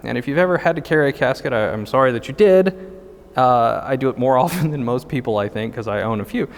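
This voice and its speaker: A man's voice: medium pitch, lively intonation, fast, long reverb tail. A middle-aged man telling a casual story in a wry, self-mocking way, full of fillers and restarts. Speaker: guest storyteller.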